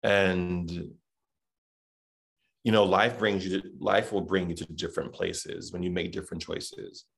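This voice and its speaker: A man's voice: low voice, little pitch movement, unhurried, creaky. A middle-aged man from Texas with a Southern accent, chatting reflectively as an interview guest with many fillers. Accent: Southern American. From Texas, USA. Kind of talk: casual interview chat.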